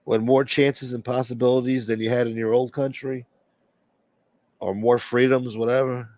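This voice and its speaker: A man's voice: medium pitch, level tone, normal speed, darkish tone, no room sound. A man hosting a late-night livestream and rambling bluntly through strong opinions in casual chat. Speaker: livestream host.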